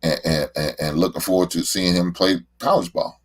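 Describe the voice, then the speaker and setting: A man's voice: low-pitched, fairly even intonation, moderate pace. A middle-aged man, a show host and father, talking in a casual, heartfelt monologue and often repeating words as he rambles.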